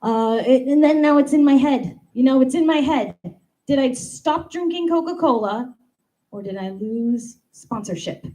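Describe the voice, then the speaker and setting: A woman in her thirties performing a stand-up comedy monologue, animated and playful, acting out the voices in her stories. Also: high-pitched, unhurried, poor audio. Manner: animated, acts out quoted voices, playful asides. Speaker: comedian doing a stand-up bit.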